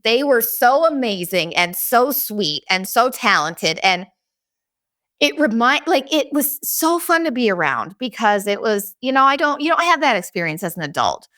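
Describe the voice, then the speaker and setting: A woman's voice: a little high, sing-song, normal speed, fairly bright tone. A woman in her forties hosting a podcast, telling a comedic story in a blunt, profane, ranting way. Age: 40s. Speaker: podcast host. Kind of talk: casual comedic storytelling monologue.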